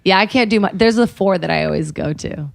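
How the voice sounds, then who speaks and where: A woman's voice: mid-range voice, brisk, creaky. A woman comedian, a guest on a casual podcast chat, who talks in a chatty way and laughs often.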